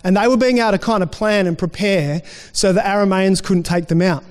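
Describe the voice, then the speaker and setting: A man's voice: high voice, brisk. A man preaching a sermon as pastor in a casual, conversational way, often restarting and briefly voicing the people in his story. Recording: long reverb in a hall.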